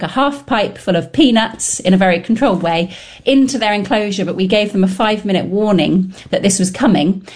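A woman researcher answering interview questions, explaining her study in a lively, explanatory way. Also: mid-range voice. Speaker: scientist guest.

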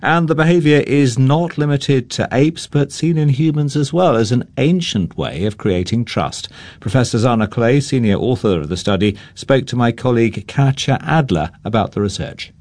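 A man presenting a radio news programme, introducing stories and guests in a measured way. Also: mid-range voice, animated, darkish tone, no echo.

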